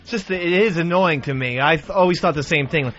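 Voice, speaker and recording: A man co-hosting a comic radio show, animated and teasing. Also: on the high side, fast talker, soft background music. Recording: dry, slightly dull broadcast audio.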